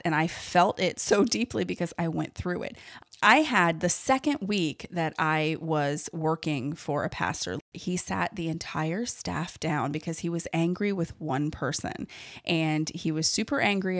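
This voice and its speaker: A woman's voice: low voice, dry recording, clean studio sound. A woman hosting a solo podcast, talking candidly and emphatically about her own church experiences in a casual, filler-heavy way. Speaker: podcast host.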